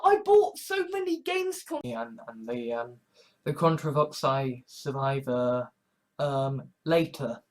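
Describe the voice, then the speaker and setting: A man's voice: sits high, fairly bright tone. A man talking in a casual vlog monologue, stuttering and repeating himself often and swearing freely. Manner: stammering, repeating "I" over and over. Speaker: video essayist.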